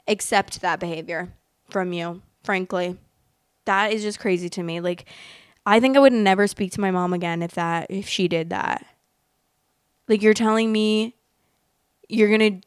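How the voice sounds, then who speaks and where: A woman's voice: medium pitch, clear, resonant tone, dry recording, clean studio sound. A young adult woman hosting a casual vlog, talking to the camera in a rambling, emotional way with many fillers. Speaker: host reading online stories. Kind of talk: casual chat reacting to stories.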